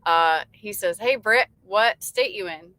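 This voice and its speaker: A woman's voice: medium pitch, a little slow, pushed and bright, no echo, poor audio. A woman from Michigan hosting a late-night trucking livestream, chatting casually, reading viewer comments aloud and laughing often. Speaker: livestream host. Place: in her truck.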